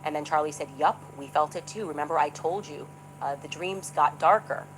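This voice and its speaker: Woman, deep voice, storytelling monologue, reads quotes dramatically, faint hum behind. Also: brisk. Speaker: speaker in a played clip.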